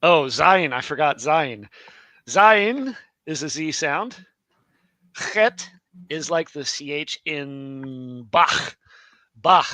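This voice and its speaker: A man co-teaching a live alphabet lesson, talking slowly and unhurriedly. His voice is bright and forward, and the sound is dry and close. He is chatty, laughs easily and corrects himself often. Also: a little high, no echo. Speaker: Hebrew class co-teacher.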